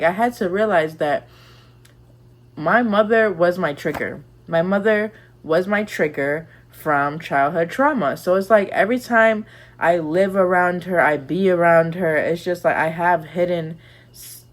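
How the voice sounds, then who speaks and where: Young woman vlogger, low-ish voice, candid and chatty, loose rambling delivery. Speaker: lifestyle vlogger. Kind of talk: casual advice chat.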